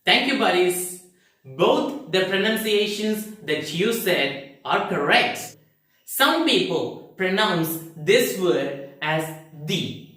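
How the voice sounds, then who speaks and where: A male teacher with a high-pitched, bright, forceful voice gives an online English pronunciation lesson, posing rhetorical questions and then carefully explaining the answers himself. The mic sits far off in a very echoey room.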